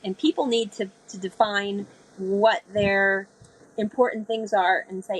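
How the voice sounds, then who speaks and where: A woman's voice: medium pitch, unhurried, slightly rough, rough recording. A woman guest in an interview, telling a vivid story and acting out the voices she quotes. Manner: animated storyteller, acts out quoted speech. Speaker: guest, sailor.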